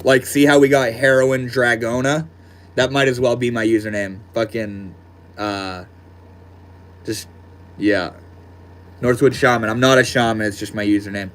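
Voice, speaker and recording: Sitting at his desk at home, a streamer reads out viewer comments and chats in a relaxed, slangy way, tossing around "bro" and "dude." He has a steady, medium-pitched, slightly bright voice, speaks a little slowly with long pauses, and there's a little hiss or hum.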